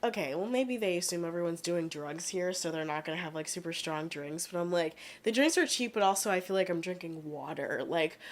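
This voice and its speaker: A young American woman chatting as a podcast guest, animated and self-deprecating, often breaking into laughter. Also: on the low side, fairly quick, hardly any pauses. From United States. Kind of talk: casual chat.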